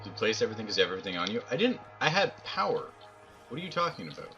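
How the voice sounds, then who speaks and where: A man's voice: on the low side, sing-song, very fast, lo-fi sound, music in the background. A man streaming a multiplayer game and chatting casually with friends, telling rambling stories full of fillers and the odd swear word. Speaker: streamer playing with others. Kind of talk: casual voice chat banter.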